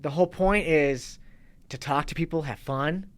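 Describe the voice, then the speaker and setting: A man's voice: a little high, normal speed. A man, a fitness and kettlebell coach, talking loosely as an interview guest and restarting his sentences often. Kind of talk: casual interview talk.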